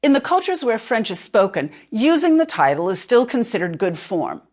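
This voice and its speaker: Woman, language teacher, clear and deliberate, lively rising and falling pitch. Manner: clear, deliberate, slows down for drilled words. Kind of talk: instructional narration.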